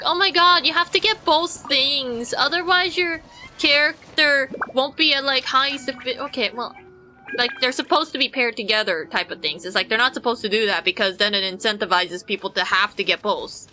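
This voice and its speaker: A woman's voice: fairly high pitch, bright, forceful tone, low-quality recording. A woman streamer giving casual gameplay commentary, rambling through explanations to her chat.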